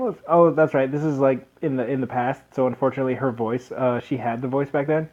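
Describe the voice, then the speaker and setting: A man's voice: mid-range voice, brisk, hardly any pauses, darkish tone, muffled recording. A young man casually commenting on a game he plays, joking and laughing. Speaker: let's play host.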